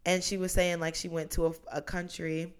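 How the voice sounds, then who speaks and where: Woman in her twenties, lower voice, hosting a podcast alone, loose and chatty with tangents. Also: level tone, normal speed, smooth. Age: 20s. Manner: chatty, rambling, goes off on tangents. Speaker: podcast host. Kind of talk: casual solo podcast monologue.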